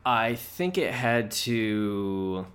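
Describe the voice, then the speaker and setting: A man's voice: fairly low pitch, expressive, extremely slow, a bit bright. A man co-hosting a podcast in casual chat, laid-back and freely profane. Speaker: podcast co-host.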